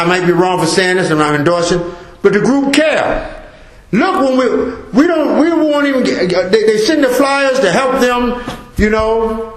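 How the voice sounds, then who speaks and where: A middle-aged American man giving a talk to a mosque congregation, emphatic and repetitive, acting out asides. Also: high-pitched. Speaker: guest speaker. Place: mosque hall. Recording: echoey mosque hall.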